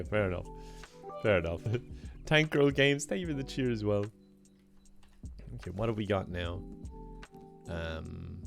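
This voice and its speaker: A man's voice: medium pitch, gravelly. Irish guy streaming games, laughs a lot, chatty, faint music behind. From Ireland. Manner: chatty, laughs often, thanks viewers. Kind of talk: casual live-stream chat.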